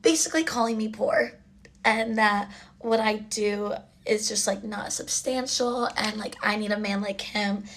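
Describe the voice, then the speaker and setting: A woman's voice: mid-range voice, a little slow, fairly bright tone, a little hiss or hum. A young adult woman telling a story in a casual, blunt and chatty way, full of fillers.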